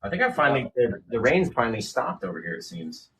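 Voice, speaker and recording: A man hosting a live painting stream, chatting casually and joking while he paints, often trailing off into quiet mumbles. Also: medium pitch, sing-song, fast talker, rough recording.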